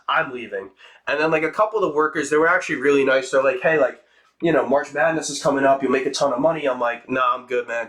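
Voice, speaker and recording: A young man casually telling a story to his viewers, animated and swearing, acting out what others said. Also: mid-range voice. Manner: fast, animated, swearing, acts out quotes.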